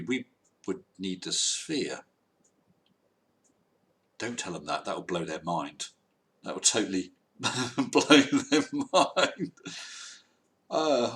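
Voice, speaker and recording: A man's voice: low-pitched, big pitch swings, moderate pace, pauses often, fairly bright tone. A man hosting a live stream, chatting casually and wryly reading out viewer comments. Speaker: livestream host.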